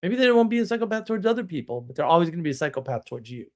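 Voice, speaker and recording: A man's voice: high voice, very animated, rapid-fire, a little mellow. Blunt, rambling man on a live stream. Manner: rambling, with frequent restarts and chuckles; blunt and wry. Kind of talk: casual live-stream monologue.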